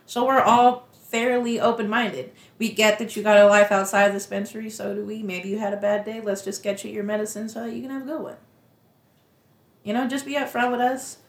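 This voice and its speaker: A budtender woman from Las Vegas talks in casual, slangy chat. She keeps acting out her customers in quick voices. The room rings with a noticeable echo. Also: medium pitch, flat delivery. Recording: roomy echo.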